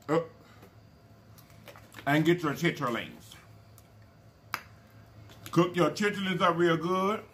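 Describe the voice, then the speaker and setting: Slight background noise sits under this man's somewhat high, fairly bright voice. He hosts a casual mukbang eating show, chatting in a folksy manner, humming while he eats and calling his audience y'all and baby.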